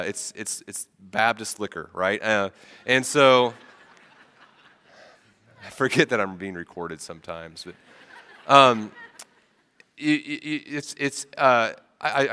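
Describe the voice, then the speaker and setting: Man, pastor, sermon, head cold, bright tone, stammering restarts, hall reverb. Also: on the low side. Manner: conversational, repeats words when starting sentences.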